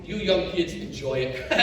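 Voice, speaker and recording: Middle-aged male stand-up, high animated delivery, distant echoey live recording. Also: takes it slowly. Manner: animated storyteller acting out dialogue. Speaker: stand-up comedian. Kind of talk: stand-up comedy set. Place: comedy show stage. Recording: echoey live room from far off, noisy. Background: audience laughter.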